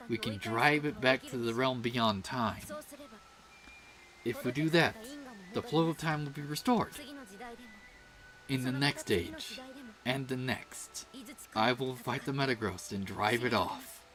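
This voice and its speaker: A woman voicing a solemn ancient female demon slayer who consumes souls, speaking gravely and with resolve. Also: a bass voice, a little slow, long pauses, a crowd in the background. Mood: tearful farewell.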